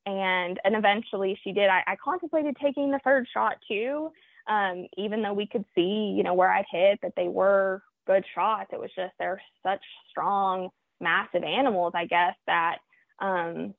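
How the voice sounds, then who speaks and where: A woman from Oklahoma, a guest telling a hunting story in an interview, reflective and halting with many fillers. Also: medium pitch, fairly even intonation, creaky, no room sound. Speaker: guest hunter. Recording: tinny phone line.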